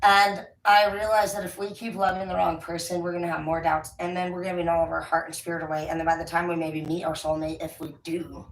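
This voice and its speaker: A woman's voice: lowish voice, fairly bright tone. Woman doing a tarot reading, blunt and rambly, kinda far off the mic in an echoey room w/ faint background hum. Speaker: tarot reader. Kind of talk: casual tarot reading monologue. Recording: roomy, distant from the mic, faint ambience.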